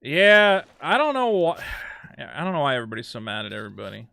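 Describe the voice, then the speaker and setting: A man hosting a call-in show, chatting in an animated way and sometimes breaking into loud mock shouting. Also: medium pitch, a little fast, gravelly, dry recording. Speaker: host.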